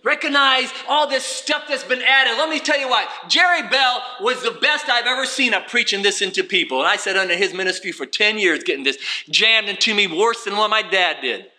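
A man preaching a fervent sermon, dropping low and then rising to shouts. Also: fairly quick, hardly any pauses. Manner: fervent, swings from quiet to shouting.

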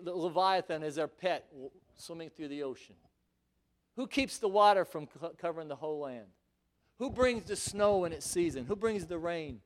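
Preaching a sermon in a high voice, this man speaks emphatically, stacking rhetorical questions and sometimes rising nearly to a shout.

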